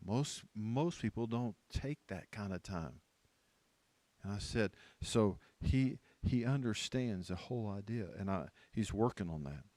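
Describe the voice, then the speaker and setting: A man's voice: fairly low pitch, animated, measured pace, darkish tone, no echo. A man in his fifties, a pastor, giving a humorous sermon and acting out voices, repeating phrases for effect. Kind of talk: humorous sermon to a church leadership team. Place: church.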